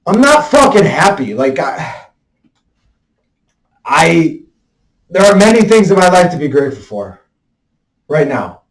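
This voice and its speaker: A man's voice: fairly high pitch, sing-song, slow pace, pauses often. A man in a raw emotional monologue, swearing heavily and venting his frustration in bursts. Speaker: self-expression video maker. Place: room indoors. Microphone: headphones with mic. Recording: roomy echoey room.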